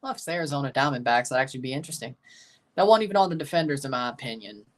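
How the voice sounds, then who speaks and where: A man's voice: mid-range voice, expressive, racing. A man hosting a live reaction stream of a match, chatting casually with his viewers. He reads their comments aloud and answers them in an easy, conversational tone.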